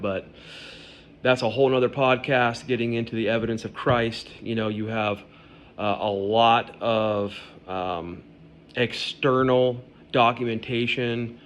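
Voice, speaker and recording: A man with a mid-range voice hosts a relaxed podcast from his home. He talks casually and directly to his listeners about faith. There is a faint hiss in the background. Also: medium pitch. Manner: conversational, addresses listeners directly. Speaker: podcast host.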